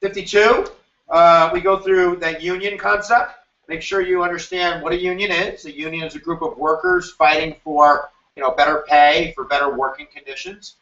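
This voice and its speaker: A man giving an animated, jokey history review lecture as a teacher, acting out quoted voices now and then. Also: a little high, normal speed. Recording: roomy, distant, dull sound.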